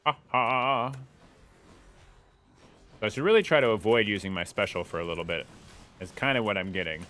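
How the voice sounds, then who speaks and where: A man's voice: low-pitched, animated, quick pace, fairly bright tone. A young man giving playful live commentary as he plays a game, humming along and taunting enemies. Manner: playful, taunts enemies and hums while playing. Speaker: streamer.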